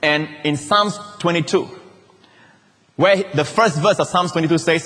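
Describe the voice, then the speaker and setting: Male preacher, higher-pitched, dramatic sermon delivery with loud peaks and soft lows; echoing church hall. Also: a little slow. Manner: emphatic preaching with swelling, dramatic peaks and hushed drops. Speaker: pastor. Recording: hall reverb.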